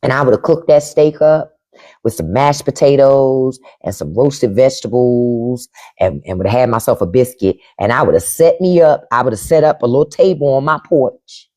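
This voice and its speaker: A woman's voice: a bass voice, expressive, moderate pace, mellow. A woman hosting a live stream, giving blunt, profane commentary and talking straight to her chat by name. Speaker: podcast host on a live stream.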